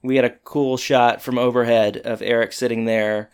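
A man on a casual podcast recapping an episode of a show. His voice sits in an ordinary middle pitch. He jumps into the characters' lines with easy enthusiasm. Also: normal speed, smooth. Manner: animated retelling, acting out lines in quotes. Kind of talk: casual chat.

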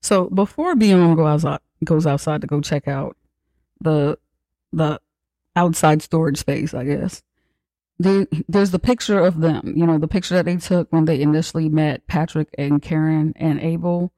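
Casual, profane movie recapper, mellow voice. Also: mid-range voice, moderate pace, dry recording. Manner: slangy, profane, joking asides. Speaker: podcast host.

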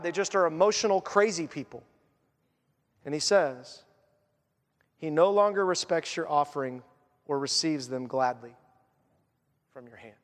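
A man's voice: high voice, long reverb tail. A man preaching a sermon as a pastor, earnest, and voicing the people he quotes.

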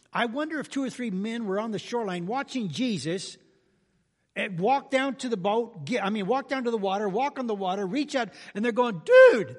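Male pastor, folksy humorous sermon, high-pitched, husky, echoing church. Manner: folksy, humorous, conversational preaching with emphatic outbursts. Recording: reverberant church hall.

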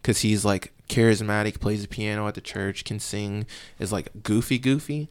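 A man's voice: fairly low pitch, moderate pace, smooth, no room sound. A young man, a police officer, telling stories in casual podcast talk and acting out the voices of the people in them. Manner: animated, acts out voices in his stories.

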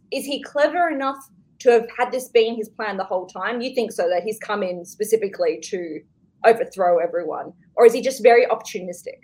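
A woman's voice: medium pitch, darkish tone. A woman hosting a podcast in casual chat, curious and asking questions. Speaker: podcast host.

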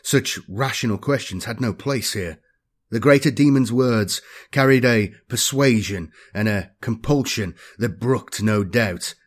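A man giving a measured, dramatic scripted audiobook narration. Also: fairly low pitch.

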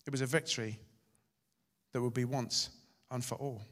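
Man, preacher, sermon, dynamic loud and soft, mid pitch, echoing church hall. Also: fairly even intonation, normal speed. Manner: dramatic, shifting loud and soft. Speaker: pastor. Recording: hall reverb.

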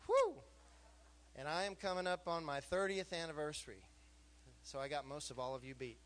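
A man in his fifties preaching a sermon to a congregation, animated and joking, asking the room questions. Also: a little high, moderate pace. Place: church hall with a congregation.

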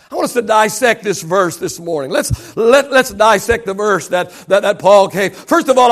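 Gravelly high-voiced preacher man. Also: lively intonation, normal speed, a bit bright. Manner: emphatic preaching, calls for congregation responses. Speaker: pastor. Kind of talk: sermon. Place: church sanctuary.

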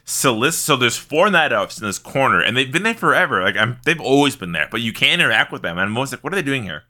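A man co-hosting a podcast and spinning an animated story. His voice is very bright and forceful, and his pitch swings widely. He laughs often and swears freely. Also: fast talker. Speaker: podcast co-host. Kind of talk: casual chat.

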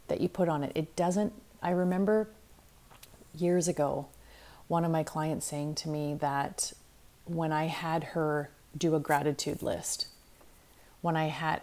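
A woman's voice: low-pitched, darkish tone. A middle-aged woman, a life coach hosting a solo self-help podcast, talking candidly and reflectively, sometimes acting out her own inner voices.

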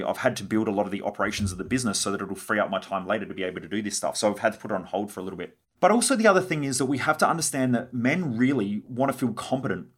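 A man's voice: mid-range voice, breathy edge. A young adult man hosting a solo podcast monologue, blunt and swearing freely as he acts out quoted conversations. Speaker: podcast host.

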